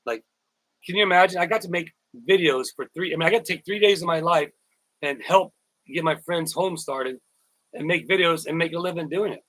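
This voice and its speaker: A man's voice: fairly high pitch, a little fast, a bit bright, dry recording, poor audio. A man hosting a casual live stream, rambling, repeating words and thanking viewers by name. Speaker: YouTuber live-stream host.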